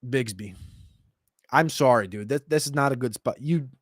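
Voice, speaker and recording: A man hosting a casual livestream Q&A, answering viewer questions in a quick, chatty way with sudden jumps in pitch. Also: no echo, clean studio sound. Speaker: fantasy football show host.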